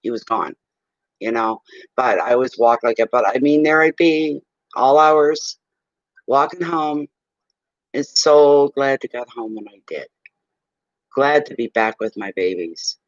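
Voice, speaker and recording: A man's voice: mid-range voice, unhurried, pauses often, no room sound. A man reads tarot on a casual stream from home. He is blunt and salty-tongued. The sound is close and dry, but muffled and lo-fi. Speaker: tarot reader. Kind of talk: casual livestream chat and readings.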